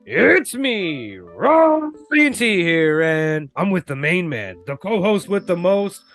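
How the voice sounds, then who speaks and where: A man's voice: high-pitched, very animated, slow pace, a bit bright, faint music behind. A young man hosting a podcast, telling loose, profane stories in casual chat and laughing often. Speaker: podcast host.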